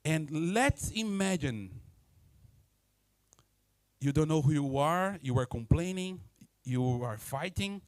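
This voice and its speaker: Male preacher, high voice, dry close sound, animated sermon. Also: slow pace, long pauses, no room sound, rough recording. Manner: animated, acts out everyday scenes, non-native English grammar. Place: church.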